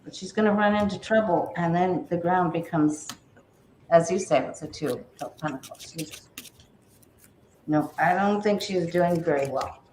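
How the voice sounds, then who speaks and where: A woman guest on a casual tarot reading chat, talking in a relaxed, conversational way. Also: lowish voice, a little slow. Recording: echoey room with faint noise.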